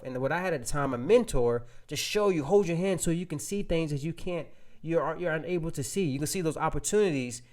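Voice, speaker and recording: A man presenting a real estate webinar, telling a casual, animated story full of restarts and fillers to his audience. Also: on the high side.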